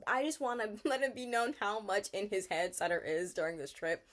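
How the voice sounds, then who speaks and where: A young woman vlogger recapping a book she read, talking excitedly and laughing as she rants. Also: medium pitch, a little fast. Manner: excitable, gushing, laughs often.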